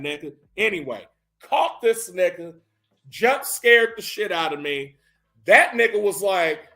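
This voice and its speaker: A man telling a profane, animated comedic recap of a film, acting out the characters' lines as he goes. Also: high-pitched, gravelly.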